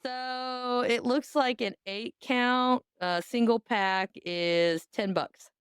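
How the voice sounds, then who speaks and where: A woman, hosting a casual podcast chat, animated, laughing often and swearing casually. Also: on the high side, slow pace, clean tone, no room sound, studio quality. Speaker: podcast host.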